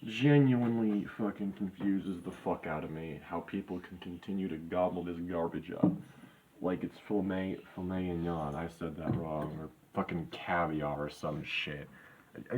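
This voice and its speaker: A man with a very low voice rambles through a profane, ranting monologue. The recording sounds slightly dull and lo-fi, with a faint hiss of noise behind him. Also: normal speed. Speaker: channel host.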